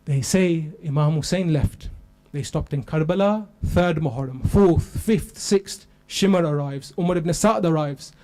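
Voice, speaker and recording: Man, high-pitched, emotional sermon narration, lamenting. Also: a little slow, a little mellow. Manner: impassioned, building to a lamenting cry. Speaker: lecturer.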